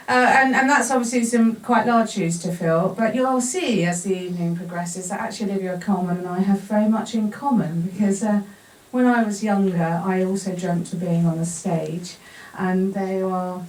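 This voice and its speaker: A woman's voice: on the low side, a little mellow. A woman, an actor telling a humorous personal story to a live audience, laughing often at herself. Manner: self-deprecating, laughs often at her own story. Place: bar event space before an audience. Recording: roomy sound from a distant mic.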